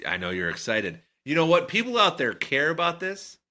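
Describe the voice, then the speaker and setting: Male co-host, animated, bright tone, joking casual banter. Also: a little high, normal speed. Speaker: podcast co-host. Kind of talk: casual chat.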